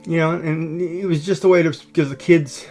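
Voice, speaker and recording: Over soft background music, a middle-aged livestream host talks casually from home, rambling and full of fillers and restarts. He speaks at a moderate pace in a fairly high pitch, with fairly even intonation and a dark tone.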